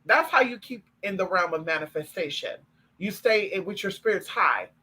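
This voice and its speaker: A man's voice: sits high, lively intonation, normal speed, bright, forceful tone, slightly rough, rough recording. A man, talking in a sassy, profane and emphatic way as he chats on a live stream with viewers about spiritual practice.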